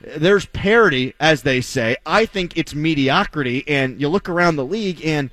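A man's voice: a little high, lively intonation, normal speed, a bit bright, no room sound. A man hosting a sports talk radio show, delivering a blunt, sarcastic, opinionated monologue.

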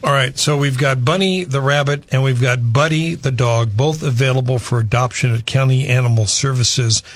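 A man's voice: medium pitch, steady tone, moderate pace, no room sound. A man hosting a local radio show, chatting casually and reading promotions in an upbeat way. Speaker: radio host.

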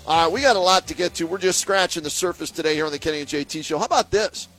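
A man's voice: a little high, racing, a bit bright, soft background music. A man co-hosting a sports radio show, chatting loosely about the team's payroll. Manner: chatty, loose, laughing asides. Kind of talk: casual sports talk radio banter.

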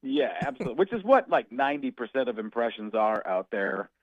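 A man being interviewed as a comedian guest, talking in an animated, jokey way that slides into impressions. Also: medium pitch, fairly quick, no echo, lo-fi sound. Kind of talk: casual radio interview.

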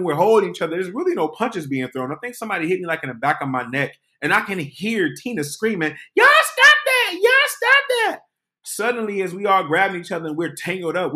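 A man hosting a podcast, telling a comic story in an animated, dramatic way. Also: high voice. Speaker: podcast host. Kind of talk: comedic storytelling.

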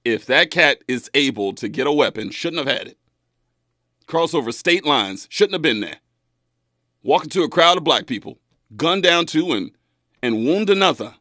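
A man in his twenties hosting a talk radio show, animated and folksy, laughing often. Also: mid-range voice, no room sound, studio quality. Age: 20s.

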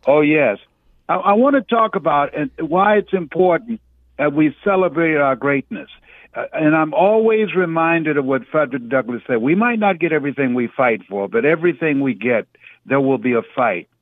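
A man's voice: a little high, animated, moderate pace, no echo. A man giving a preacherly motivational talk as a radio guest, stressing his points by repeating words. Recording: tinny phone line.

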